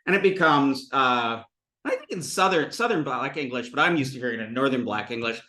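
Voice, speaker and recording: Animated male teacher with a bright voice. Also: medium pitch, fairly quick, echoey room. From United States. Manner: animated, playful, thinks aloud with restarts. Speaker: Sanskrit teacher. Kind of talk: classroom lecture.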